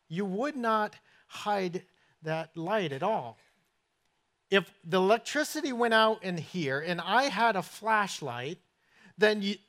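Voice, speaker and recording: A high-pitched, slightly bright male voice belongs to a pastor from southern New England giving a sermon in church. He talks with a New England accent, weaving stories in a conversational manner and questioning his audience.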